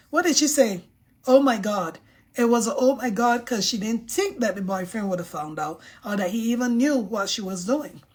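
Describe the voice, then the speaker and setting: A fairly high-pitched woman hosts a live stream in an easy, chatty way. She reads viewer comments aloud and answers them with outspoken, emphatic opinions. She often repeats herself to drive a point home. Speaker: livestream host reading viewer comments.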